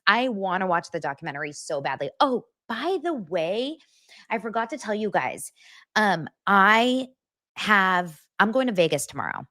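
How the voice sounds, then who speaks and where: A woman in her thirties hosting a casual livestream, chatty and animated as she reacts to chat comments. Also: medium pitch, normal speed, no echo, clean studio sound. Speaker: livestream host.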